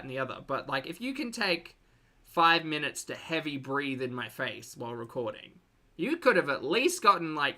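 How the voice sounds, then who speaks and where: A reaction commentator with a very bright, sharp tone and a lively, swooping pitch. The delivery is sarcastic and teasing, full of quick asides.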